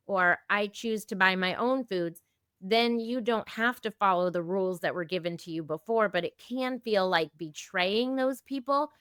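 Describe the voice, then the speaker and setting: Gentle woman in her fifties explaining. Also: mid-range voice, normal speed, smooth, no echo, clean studio sound. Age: 50s. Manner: gentle, explanatory, acts out example dialogues. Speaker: eating disorder specialist guest. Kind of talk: casual podcast conversation.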